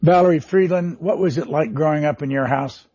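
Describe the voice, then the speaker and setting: An older man hosting a broadcast interview, speaking in a measured, formal way. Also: fairly high pitch, mellow, slightly rough, dry recording, muffled recording, faint music behind. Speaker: TV interview host.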